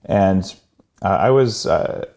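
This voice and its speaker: A man's voice: low-pitched, takes it slowly, vocal fry, darkish tone, slight background noise. A man hosting an interview podcast, talking casually and hesitantly with many fillers and restarts. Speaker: podcast host.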